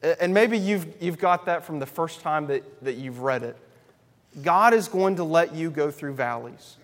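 A man preaching a sermon to a congregation, emphatic and building through loud repeated lists. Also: fairly high pitch, expressive, moderate pace, in a large hall. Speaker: pastor.

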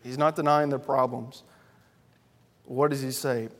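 A man preaching a sermon to a congregation, emphatic and building through loud repeated lists. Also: medium pitch, little pitch movement, unhurried, long reverb tail. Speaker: pastor.

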